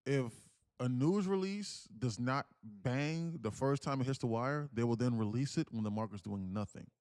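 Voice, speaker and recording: A man with a mid-range voice, speaking at normal speed, hosts a live day-trading stream. He's animated and casual, reads chat aloud, and uses slang along with the odd curse.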